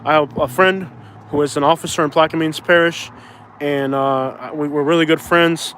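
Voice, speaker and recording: A man's voice: a little high, steady tone, normal speed, a bit bright, a little hiss or hum. A man in his thirties chatting casually on a live stream outdoors by a bridge, rambling and arguing back at viewers. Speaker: vlogger doing a live stream.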